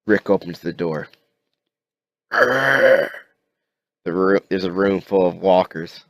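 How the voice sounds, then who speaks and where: A man narrating a comic story aloud as an amateur reader, halting with frequent restarts and fillers. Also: low voice, no room sound, studio quality.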